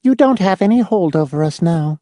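A man's voice: sits high, dry recording, studio quality, voice pushed up. A man doing a prim, cold spinster lady. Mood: coolly brisk. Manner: brisk, calmly bossy. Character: prim, cold, matter-of-fact spinster woman. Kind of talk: audiobook character voice.

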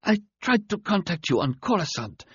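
A man's voice: sits high, big pitch swings, moderate pace, no room sound, highs cut off, pitched above the performer's own voice, exaggerated voice. A man voicing a dying male alien who speaks in a weak, urgent voice, in an audiobook. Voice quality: weak, breathy.

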